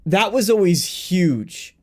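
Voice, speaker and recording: A man's voice: high voice, expressive, takes it slowly. A man hosting a live-streamed gaming news chat, talking casually, laughing easily and reading chat messages aloud. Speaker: stream host.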